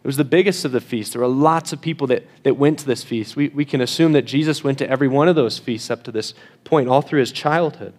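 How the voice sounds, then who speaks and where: A man preaching a sermon in an emphatic way, slowing down and dropping to a hush on key phrases, sometimes repeating words as he restarts. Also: mid-range voice. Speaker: pastor.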